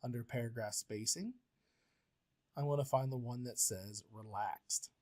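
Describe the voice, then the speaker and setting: Man giving a patient software walkthrough. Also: mid-range voice, a little slow. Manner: step-by-step, plain and patient, with frequent uh fillers. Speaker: professor.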